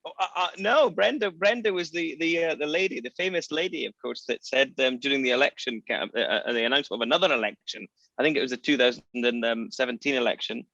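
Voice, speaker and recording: A man's voice: medium pitch, fast, vocal fry, sharp tone, dry recording, lo-fi sound. A man co-hosting a podcast, giving strong opinions with lots of ums and restarts. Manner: opinionated, hesitant with many fillers. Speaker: co-host. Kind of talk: casual podcast chat.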